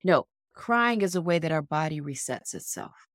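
A woman's voice: deep voice, animated, moderate pace, no echo, clean studio sound. A woman co-hosting a podcast in an earnest, encouraging coaching tone. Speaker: podcast co-host. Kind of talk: motivational casual chat.

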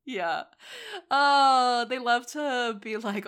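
A woman co-hosting a podcast chats casually and sarcastically about a film, laughing often. Her voice is on the high side, a bit bright, expressive, and slow.

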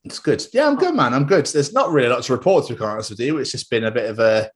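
Brief: man from England co-hosting a podcast, swears freely, animated pitch, laughs easily. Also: rapid-fire. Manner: sweary, laughs a lot, jokey. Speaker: podcast co-host. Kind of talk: casual chat. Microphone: wireless headphones.

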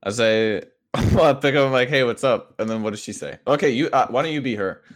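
A man co-hosting a podcast in casual chat, easygoing and halting, restarting his sentences. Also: medium pitch. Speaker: podcast co-host.

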